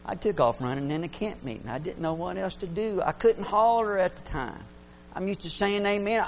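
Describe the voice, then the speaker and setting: A man preaching a fervent sermon. His voice sits a little high and has a gravelly edge, and it swings between loud exclamations and hushed asides. A faint mains hum runs under the recording. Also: expressive, fast.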